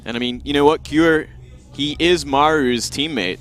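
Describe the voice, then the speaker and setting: A man's voice: on the high side, moderate pace, a bit bright, faint music behind. Easygoing man with a mild Australian accent. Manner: easygoing, playful banter. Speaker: esports co-caster. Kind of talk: live color commentary.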